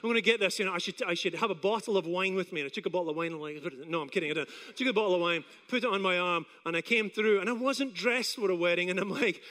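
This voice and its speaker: A Scottish man in his forties, preaching a sermon as an animated, self-deprecating storyteller who acts out his own doubts. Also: high voice, quick pace, hardly any pauses, in a large hall. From Scotland. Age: 40s.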